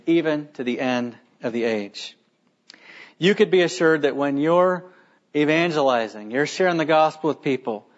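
Earnest preacher, higher-pitched man. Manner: earnest, emphatic preaching with rhetorical questions. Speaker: pastor. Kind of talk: sermon. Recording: dull lo-fi sermon recording.

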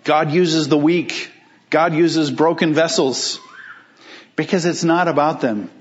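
A man preaching a sermon as pastor, emphatic, asking rhetorical questions and slowing down on key phrases. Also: a little high, muffled recording.

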